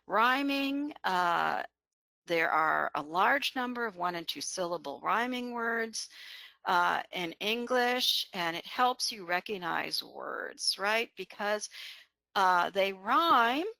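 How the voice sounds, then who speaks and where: A woman's voice: medium pitch, lively intonation, slow, gravelly, pushed and bright, dry recording. A woman presenting an online teaching session, explaining patiently with many fillers and "right?" check-ins. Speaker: webinar presenter on bilingual education.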